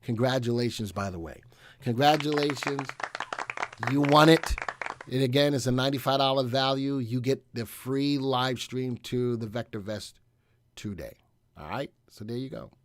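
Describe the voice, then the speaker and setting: A man's voice: medium pitch, normal speed, noisy background. A middle-aged man hosting a stock analysis live stream, upbeat and joking as he chats with viewers. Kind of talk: casual live stream talk.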